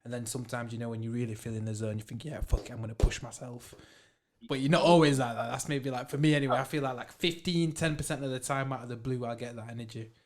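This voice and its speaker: A man hosting a podcast who talks in a reflective, measured way, with "you know" and "like" as fillers. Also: medium pitch, steady tone. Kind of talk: casual podcast conversation.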